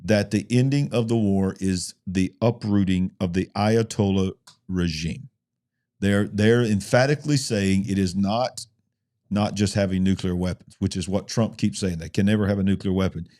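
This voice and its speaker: A man co-hosting a talk show, with a low and mellow voice. He gives casual, chatty news commentary, rushing through some stretches and drawing out others. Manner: chatty, breaks into singing, speeds up and slows down.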